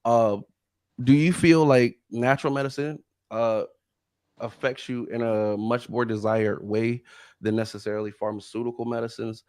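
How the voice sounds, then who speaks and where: A man's voice: medium pitch, fairly even intonation, normal speed, darkish tone, dry recording, clean studio sound. A man hosting a podcast interview, chatting casually with lots of slang, fillers and restarts. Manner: laid-back slangy talk, many fillers and restarts. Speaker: podcast host.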